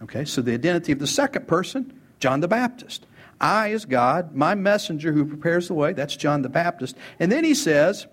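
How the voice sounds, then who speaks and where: A man's voice: a little high, animated, a little fast. A man preaching a sermon as pastor, emphatic, asking rhetorical questions and repeating key words.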